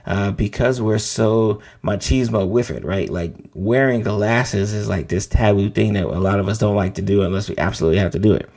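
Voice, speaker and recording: A man's voice: lowish voice, a little mellow. A middle-aged man, a physician hosting a show, explaining checkups in a casual, conversational way, tagging lines with "right?". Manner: conversational, frequent "right?" asides. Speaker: physician host. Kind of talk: casual educational talk.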